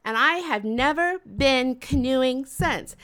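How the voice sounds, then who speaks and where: High-voiced woman telling a comic story. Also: slow. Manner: animated, dramatic, acts out her panic.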